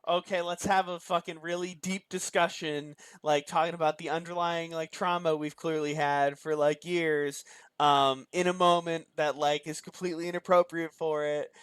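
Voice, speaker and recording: A man's voice: a little high, fairly even intonation, moderate pace, a bit bright, smooth, no room sound. A man co-hosting a casual movie-review podcast, ranting in an exasperated, emphatic way with plenty of swearing. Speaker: podcast co-host.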